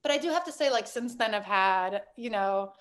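A woman's voice: mid-range voice, animated, moderate pace. A woman founder telling her story in a casual interview, chatty and full of fillers, laughing often. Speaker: startup founder, guest.

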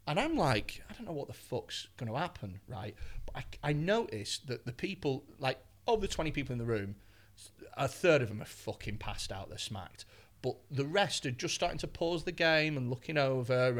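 A man, a comedian guest telling an anecdote in an animated, expletive-laden way on a podcast. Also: mid-range voice.

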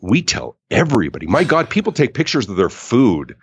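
A man talking as a guest in a podcast interview, emphatic and animated. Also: mid-range voice, fairly quick, slightly rough, no room sound, lo-fi sound. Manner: animated, emphatic, acts out quoted customers. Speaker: author and customer experience speaker, guest.

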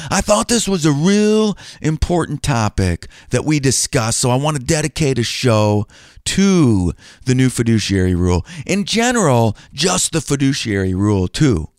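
A man's voice: medium pitch, sing-song, moderate pace, no room sound, studio quality. A middle-aged man hosting a podcast as a financial planner, chatty and self-deprecating in a casual style.

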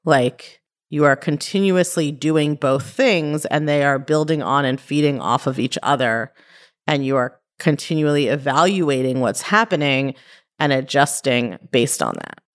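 A woman's voice: very deep voice, lively intonation, a little slow. A woman hosting her own podcast as a coach, talking casually and bluntly, often saying "like" and "right?" and swearing now and then. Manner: conversational, frequent "like" and "right?", mild swearing. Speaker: podcast host and life coach. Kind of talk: casual solo podcast talk.

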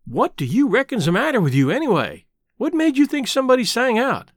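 A man's voice: very high-pitched, huge pitch swings, a little fast, no echo, studio quality, pitched above the performer's own voice, full character voice. Tom Sawyer, a man doing a brash scheming boy. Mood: feigned puzzlement. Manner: brash, scheming, folksy dialect.

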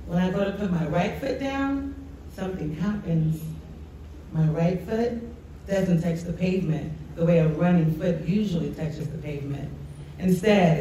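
A woman author reading a children's story aloud to a young audience, with an expressive storytelling delivery. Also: on the low side, slight background noise. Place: large echoey room with an audience. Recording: echoey room from far off.

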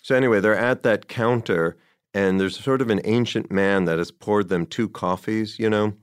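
A man's voice: on the low side, normal speed, clear, resonant tone, no room sound, clean studio sound. A man in casual conversation, rambling with enthusiasm about a film and quoting its dialogue along the way.

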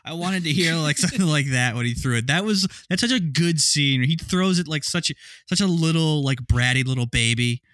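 A man co-hosting a casual movie chat in a relaxed, agreeable way. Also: a little high, brisk, no room sound.

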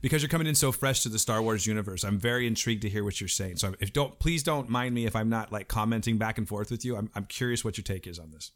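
A man's voice: lowish voice, quick pace, hardly any pauses. A man in a casual movie chat, joking and laid-back.

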